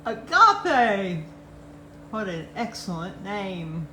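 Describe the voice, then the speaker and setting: A woman's voice: medium pitch, very animated, extremely slow, pushed and bright. A woman hosting a casual live chat, greeting viewers by name and laughing often. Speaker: livestream host. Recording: echoey room, faint background noise.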